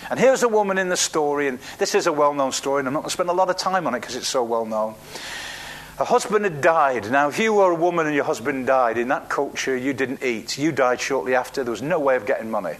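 A man's voice: medium pitch, quick pace. A man preaching a sermon, telling a Bible story with acted-out quotes and frequent restarts. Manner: animated storytelling, acts out quotes, restarts words.

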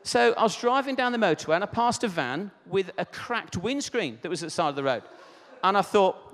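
A man's voice: high-pitched, animated, fairly quick, fairly bright tone, in a large hall. A man preaching a sermon, telling a personal testimony in a conversational, storytelling way with asides.

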